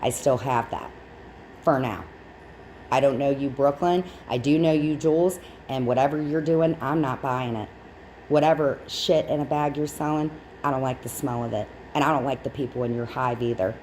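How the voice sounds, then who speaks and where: A woman's voice: a bass voice, moderate pace, a little mellow, a little hiss or hum. A woman hosting a livestream, giving blunt, sarcastic, profane reaction commentary on clips. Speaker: stream host.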